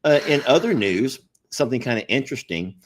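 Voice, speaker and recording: A man's voice: medium pitch, expressive, a little fast, slight background noise. A middle-aged man telling stories in casual chat, rambling and laughing often. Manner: rambling storyteller, laughs a lot, does voices in quotes. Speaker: co-host.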